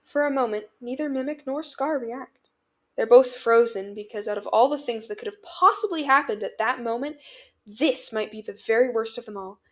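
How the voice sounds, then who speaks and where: Woman narrating fanfiction, fairly high voice. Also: moderate pace. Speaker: fanfiction podcast reader.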